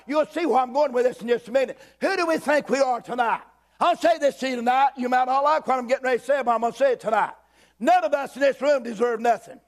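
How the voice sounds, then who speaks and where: Preacher man, very high voice, fervent, repetitive, breaks into shouts. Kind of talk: sermon.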